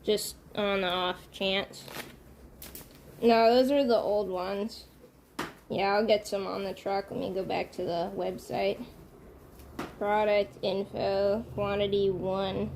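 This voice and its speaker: A woman's voice: medium pitch, little pitch movement, slow, pauses often, noisy background. A woman vlogging casually, thinking aloud to herself as she works things out. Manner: muses aloud while working things out, soft self-talk.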